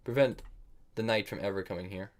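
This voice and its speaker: A man's voice: fairly low pitch, a little fast. A man from the United States streaming online chess, thinking aloud about his moves, scolding himself for mistakes and bantering with his viewers in a casual style. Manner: thinks aloud, self-critical, chats with viewers. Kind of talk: casual live-stream commentary while playing.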